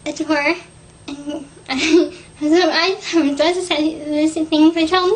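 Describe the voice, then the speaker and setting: A young woman with a notably high, light voice records a private video message on her own camera. She talks slowly and haltingly, stopping and restarting often, in an earnest, devoted way. A faint hiss of room noise sits under her voice. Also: fairly even intonation, low-quality recording. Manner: soft, hesitant, with many fillers and restarts. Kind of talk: casual spoken video message. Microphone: self-recorded video camera.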